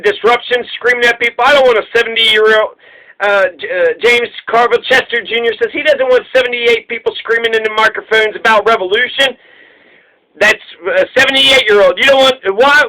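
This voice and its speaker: A man's voice: very high voice, pushed and bright, low-quality recording. A man ranting in profane, sarcastic political commentary as host of his own show.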